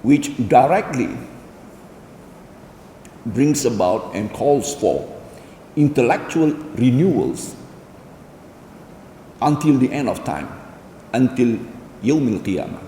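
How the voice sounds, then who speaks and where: A man giving a formal public lecture in a hall, speaking in a measured, deliberate way with formal phrasing. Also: medium pitch, sing-song, dark tone, a little hiss or hum. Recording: echoey hall with faint ambience.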